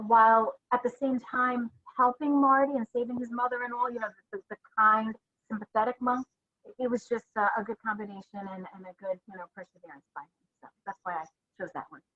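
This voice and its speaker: A woman's voice: on the high side, fairly bright tone. A woman co-hosting a podcast, talking earnestly as a fan, with hesitant fillers. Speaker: podcast co-host. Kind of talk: casual podcast chat. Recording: slightly muffled lo-fi audio.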